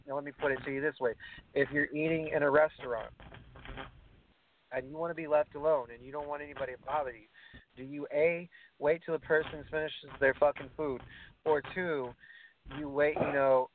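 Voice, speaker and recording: A man from Brooklyn with a New York accent, hosting a casual podcast chat and telling blunt, swearing stories. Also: mid-range voice. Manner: blunt, swearing, animated storytelling. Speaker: podcast host. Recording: tinny phone-like line with faint hiss.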